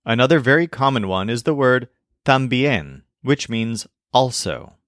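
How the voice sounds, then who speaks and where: A man teaching a language lesson in a clear, explanatory manner, slowing down for each example phrase. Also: medium pitch, expressive, a bit bright, no room sound, clean studio sound. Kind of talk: scripted lesson narration.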